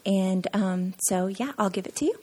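A woman introduces the evening's speaker in a halting, stop-start way, circling back often before each point. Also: medium pitch, dark tone, breathy edge. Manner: hesitant, many fillers and restarts. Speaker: event host introducing a speaker. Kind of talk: casual introduction.

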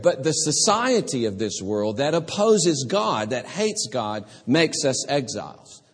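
A man's voice: medium pitch, husky, in a large hall. A man preaching a sermon, earnest and storytelling, often restarting his phrases.

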